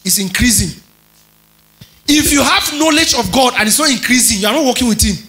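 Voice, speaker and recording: A man preaching a teaching sermon, stretching and stressing key words, rising to loud emphasis and checking in with his listeners. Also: very high-pitched, animated, brisk, rough recording. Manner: checks in with listeners, tells them to underline words.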